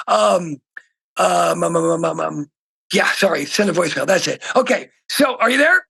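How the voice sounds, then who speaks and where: A middle-aged man from Oregon, a guest musician telling stories in a casual interview over the phone, excitable and swinging between loud bursts and hushed talk. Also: high voice, normal speed, vocal fry, husky.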